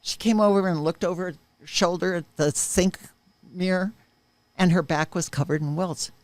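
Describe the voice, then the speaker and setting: A woman's voice: lowish voice, normal speed, a little mellow, dry recording. A woman in an interview, earnestly retelling a personal experience with vivid, emphatic moments. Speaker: interviewee sharing a personal testimony. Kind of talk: emotional personal storytelling.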